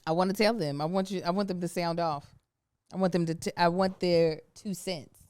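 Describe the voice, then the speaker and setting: Low, smooth-voiced woman chatting candidly. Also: a little fast, dry recording. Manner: candid, animated storytelling with slang. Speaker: podcast co-host. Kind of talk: casual podcast chat. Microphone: studio microphone.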